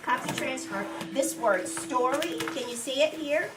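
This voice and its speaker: A woman teacher leading a guided reading lesson with young children in a classroom, patient and encouraging, speaking slowly and clearly. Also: sits high, expressive. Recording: echoey room from a distance, background noise.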